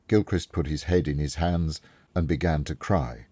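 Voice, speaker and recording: Deep husky male storyteller. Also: moderate pace, no echo. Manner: plain, steady storytelling. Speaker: narrator, audiobook reader. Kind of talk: scripted narration of a classic story.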